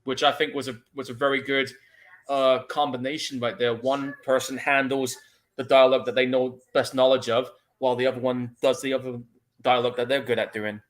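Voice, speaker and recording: Male podcast host, relaxed casual movie talk, mid-range voice, quick to laugh. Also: medium pitch. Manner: laid-back, easily laughing, reads chat comments.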